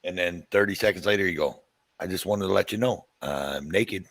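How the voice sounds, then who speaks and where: A man's voice: deep voice, fairly even intonation, fast, gravelly, fairly bright tone, no room sound, poor audio. A man hosting a podcast, telling stories in a rambling, profane, casual way. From Tennessee. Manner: rambling, profane, laughs at his own stories. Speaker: podcast host. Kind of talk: casual storytelling chat.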